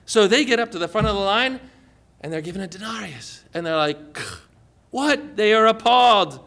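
A male preacher with a high, bright voice delivers his sermon with animated emphasis. He asks the listeners questions and leans hard into the key words. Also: fairly quick, vocal fry.

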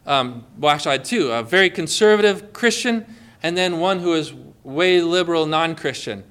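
A man's voice: fairly high pitch, animated, moderate pace, fairly bright tone, clean tone. A man giving an informal Christian teaching talk outdoors on a boat, conversational and full of rhetorical questions and stories.

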